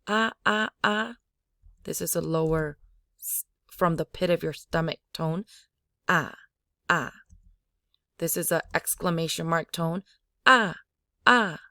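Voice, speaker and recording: A woman's voice: on the low side, no echo. Woman language teacher, dry close sound, repeats the sounds to demonstrate them. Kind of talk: slow spoken language lesson.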